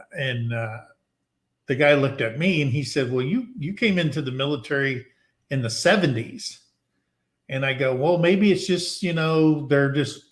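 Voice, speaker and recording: A man in his sixties hosting a casual chat and telling a folksy story, acting out the dialogue. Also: mid-range voice.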